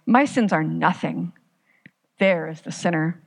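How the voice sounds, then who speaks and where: A woman's voice: low voice, measured pace. A woman voicing a self-righteous brother who eagerly accuses his sibling and brushes off his own faults. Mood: smug.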